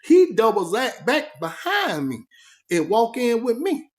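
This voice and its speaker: A man telling a prison story in an animated way, acting out dialogue and making sound effects as he goes. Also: extremely high pitch, unhurried. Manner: repeats fillers like "man" and "you know what I mean". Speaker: vlogger recounting his prison life.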